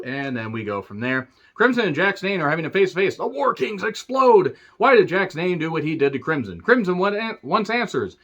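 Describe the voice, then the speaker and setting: A man's voice: fairly high pitch, very animated, moderate pace, fairly bright tone. A man talks through a wrestling show in a loose, rambling review. His tone is sarcastic, and he swears freely. The recording sounds a little dull and lo-fi. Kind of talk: casual solo review.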